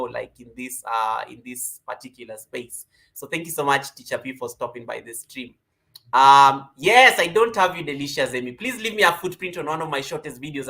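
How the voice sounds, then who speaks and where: A man hosting a casual live stream from home, greeting viewers by name with lively energy. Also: mid-range voice. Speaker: livestream host.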